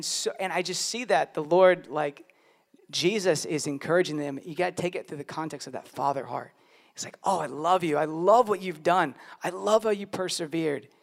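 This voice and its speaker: A man's voice: a little high, vocal fry. A man in his thirties preaching a sermon as pastor, earnest and emphatic, often repeating his key lines.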